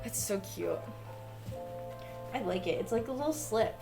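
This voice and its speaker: A woman's voice: mid-range voice, expressive, moderate pace, gravelly, over music. A young woman livestreamer chatting casually as she unboxes packages, gushing and swearing freely. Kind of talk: casual chat while unboxing.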